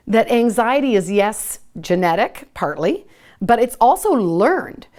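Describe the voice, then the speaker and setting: Woman, middle-aged, host, live webinar talk, animated, sing-song moments. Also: medium pitch. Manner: animated, sing-song when modeling what to say to kids. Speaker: parenting educator hosting a live session.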